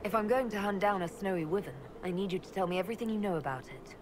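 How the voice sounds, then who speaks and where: A woman's voice: medium pitch, expressive, fast, close to an everyday voice. An actress voicing a direct, practical female hero in a video game, blunt and matter-of-fact. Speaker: player character. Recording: game audio with background noise.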